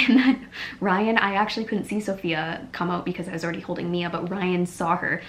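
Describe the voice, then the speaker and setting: A young woman telling a personal story in a casual vlog, chatty and animated, full of "like" fillers. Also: lowish voice, fairly quick. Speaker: beauty vlogger.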